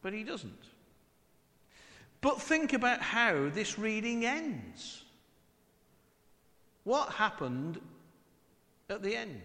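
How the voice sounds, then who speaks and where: A man's voice: high-pitched, very animated, very slow, pauses often, pushed and bright, long reverb tail. A middle-aged man from northwest England with a northwest English accent, preaching a chatty, humorous sermon full of rhetorical questions.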